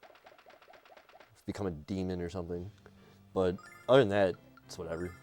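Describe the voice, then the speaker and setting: A man hosting a live stream, chatting casually and teasing his co-host in an animated, joking way. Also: deep voice, moderate pace, soft background music.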